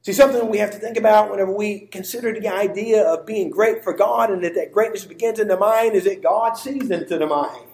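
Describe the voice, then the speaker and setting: A man's voice: high voice, brisk, few pauses, a little mellow, echoey room, poor audio. A man preaching a sermon to a congregation that answers back, stressing his words with emphatic inflection.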